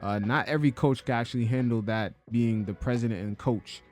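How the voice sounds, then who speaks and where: A man's voice: mid-range voice, fairly quick, a little mellow, faint music behind. A man hosting a podcast, giving casual, joking commentary on an interview clip. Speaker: podcast host.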